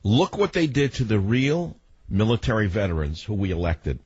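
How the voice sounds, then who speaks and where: Ranting talk radio host, husky voice. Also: male voice, on the low side, very animated, moderate pace, a little mellow, dry recording, highs cut off. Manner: combative, ranting, fires rhetorical questions. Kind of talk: political radio monologue. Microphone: studio microphone.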